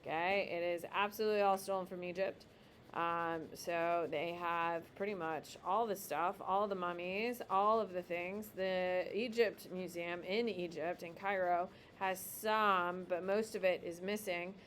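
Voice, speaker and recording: A woman's voice: lowish voice, fairly even intonation, a little slow, a bit bright, a little hiss or hum. A woman teacher giving a casual, emphatic classroom lecture while drawing on a map.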